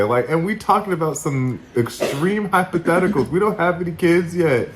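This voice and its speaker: Animated man co-hosting a recap chat. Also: on the high side, fairly quick, few pauses, a little hiss or hum. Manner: animated, laughing storyteller with quoted asides. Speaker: podcast co-host.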